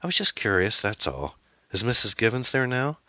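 A man playing a patient but wary mother in an audiobook, speaking noticeably higher than his own deep voice. She coaxes with soft questions and lively rises and falls in pitch. The sound is close and dry. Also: moderate pace, no room sound. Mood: probing. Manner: gentle, coaxing questions. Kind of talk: audiobook reading.

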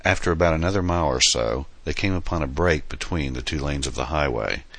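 A man narrating his own novel as an audiobook, in a steady storytelling manner. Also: extremely low pitch, brisk. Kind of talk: scripted narration.

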